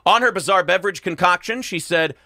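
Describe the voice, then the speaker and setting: A male morning radio host doing crude, mocking comedy banter, loud and quick to laugh. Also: high-pitched, no room sound, clean studio sound.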